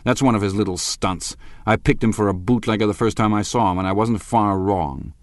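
A man's voice: lowish voice, lively intonation, moderate pace, dry recording, studio quality, natural voice. A man voicing a domineering wealthy man who speaks in a blustering, accusing way.

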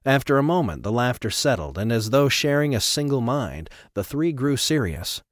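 A man narrating an audiobook with an expressive, dramatic reading. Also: mid-range voice, normal speed, no echo, clean studio sound. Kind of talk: scripted narration.

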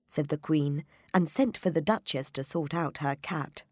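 A woman narrating a children's storybook in a measured, expressive reading. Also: low-pitched, no echo, clean studio sound.

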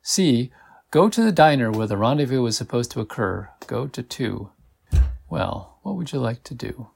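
A male podcast host reads an interactive adventure story aloud at a measured, unhurried pace. His voice has a gravelly texture at a medium pitch. He slows down whenever he turns to speak to the listener directly. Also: lively intonation.

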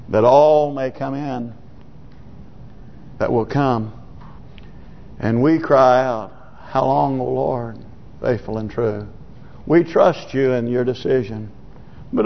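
A man preaching a sermon with passion, rising to loud cries and dropping to low murmurs. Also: creaky, in a large hall, muffled recording. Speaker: pastor.

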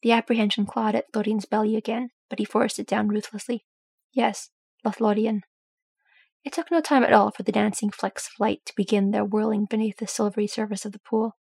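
A woman reading fan fiction aloud, with steady storytelling. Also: mid-range voice, fast talker, creaky, hardly any pauses, husky, dry recording. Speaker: audiobook reader.

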